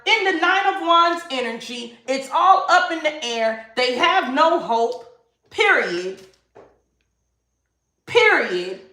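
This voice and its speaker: Emphatic high-voiced woman reading tarot. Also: pushed and bright, echoey room. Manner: emphatic, sassy, repeats phrases for emphasis. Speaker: tarot reader. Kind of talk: live-streamed tarot reading.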